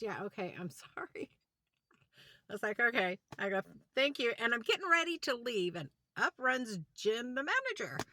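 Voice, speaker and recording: In a dry recording made inside a van, a woman vlogger with a medium-pitched voice launches into a ranting storytime. She retells it animatedly, voicing both parties of the conversation through quoted dialogue.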